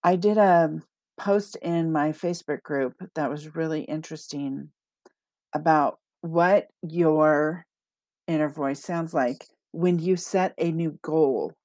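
Chatty woman with a low, dry voice. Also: slow, darkish tone, dry recording. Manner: chatty, laughs often, reads listener comments aloud. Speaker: podcast host and manifesting coach. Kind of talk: casual solo podcast talk.

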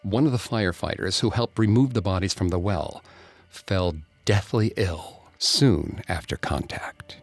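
A man narrating a true-crime story in a measured, somber storytelling manner. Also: sits low, faint music behind.

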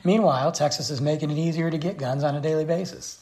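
A man's voice: fairly high pitch, fairly quick, darkish tone. A man giving a blunt, exasperated opinion rant straight to his viewers. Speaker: vlogger. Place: Texas.

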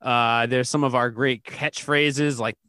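A man cohosting a comedy podcast, rambling in a deadpan, offhand way. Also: mid-range voice, a little slow, clear, resonant tone, no echo, clean studio sound.

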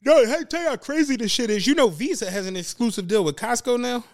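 Here a male podcast co-host speaks quickly in a very high voice. He's telling stories in relaxed conversation, animated throughout, swearing freely and playing out what others said.

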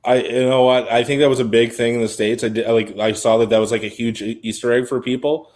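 A man's voice: mid-range voice, level tone, fast, a little mellow. Rambling man chatting on a podcast. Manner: rambling, heavy use of "like". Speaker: podcast co-host. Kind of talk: casual podcast chat.

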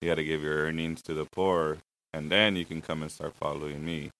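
A man's voice: rumbling low, steady tone, brisk, fairly bright tone, rough recording. A man in casual chat, musing in a slangy storytelling way.

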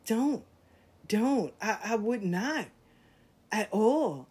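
An older woman tells casual, animated stories, blunt, profane and laughing at herself. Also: mid-range voice, very slow, long pauses, breathy edge. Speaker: host. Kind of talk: casual storytelling monologue.

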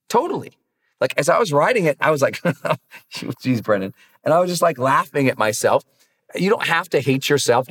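A man talking as a high performance coach in a motivational podcast, earnest and direct, challenging listeners with warm asides. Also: breathy edge, in a large hall.

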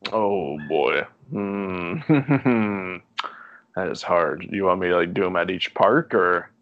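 Low-voiced young man, dull recording. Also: slow, dry recording. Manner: relaxed, rambling, laughs often. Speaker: podcast guest. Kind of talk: casual storytelling chat.

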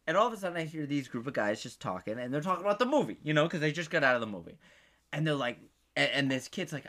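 Animated high-voiced male podcast host. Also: fast talker. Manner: animated, acts out voices, laughs often. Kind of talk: casual storytelling chat.

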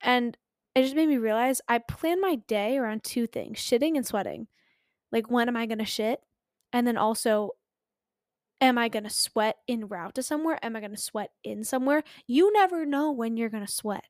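A woman's voice: on the high side, moderate pace, no echo, clean studio sound. A young woman in her twenties from Philadelphia, hosting a podcast in a candid, self-mocking chat and laughing often. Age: 20s. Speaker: podcast host. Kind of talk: casual solo podcast chat.

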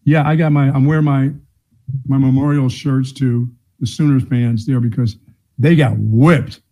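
A man's voice: mid-range voice, steady tone, a little slow, mellow. A man co-hosting a sports talk radio show, wry and teasing, playing mock-offended.

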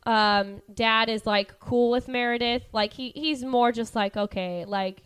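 A woman's voice: a little high, steady tone, unhurried, fairly bright tone, clean tone. A woman co-hosting a casual film podcast, chatty and acting out quotes from the film as she talks. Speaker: podcast co-host. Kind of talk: casual chat.

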